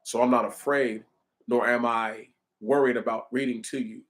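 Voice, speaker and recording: A man's voice: mid-range voice, steady tone, moderate pace, fairly bright tone. A man reading the Bible aloud and explaining it in an earnest, candid, conversational way. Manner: once stuttered. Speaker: preacher.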